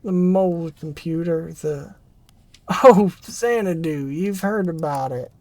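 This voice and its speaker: A performer reading a narrative game aloud, voicing a gloomy aging scientist in a hushed, low, drawn-out way. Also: no room sound, close to an everyday voice. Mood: mournful. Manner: mournful, brooding, dwells on loss. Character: gloomy aging scientist who calls himself a king. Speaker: game character voice.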